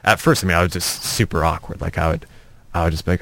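Low-voiced young comedian, rambling. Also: male voice, fairly even intonation, quick pace, dry recording. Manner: rambling, self-mocking, trips over his words. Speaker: comedian, interview guest. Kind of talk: casual anecdotal storytelling.

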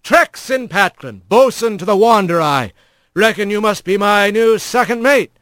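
A man's voice: sits high, expressive, normal speed, a bit bright, no echo, pitched above the performer's own voice. A man voicing an easygoing, witty male otter bosun who jokes with the crew in a storybook reading. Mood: friendly. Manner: jovial and wry.

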